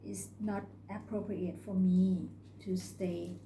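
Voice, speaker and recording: A woman voicing a cheeky young rural woman from the northeast who talks in a bright, forthright way. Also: fairly low pitch, flat delivery, slow, a little hiss or hum. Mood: cheerful. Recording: roomy recording.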